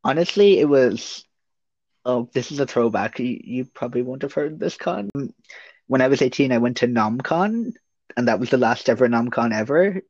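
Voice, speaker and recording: A man's voice: mid-range voice, lively intonation, normal speed, darkish tone, breathy edge, no echo. A young Irish man, a guest on a podcast, talking casually and rambling with lots of hesitations. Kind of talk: casual interview chat. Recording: dry, muffled lo-fi audio.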